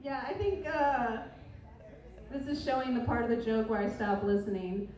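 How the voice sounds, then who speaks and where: High-voiced woman comic, far and echoey. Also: moderate pace, darkish tone, dull audio. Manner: rambling, self-interrupting delivery. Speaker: stand-up comedian. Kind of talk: stand-up set at open mic. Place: bar with live audience. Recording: echoey bar, recorded from far off.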